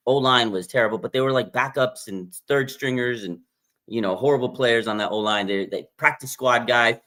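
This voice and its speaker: A man hosting a live fan reaction stream in a casual, excitable way, laughing and ranting with his voice jumping up when he gets hyped. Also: medium pitch, normal speed. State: has a bloody nose. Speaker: sports fan livestream host.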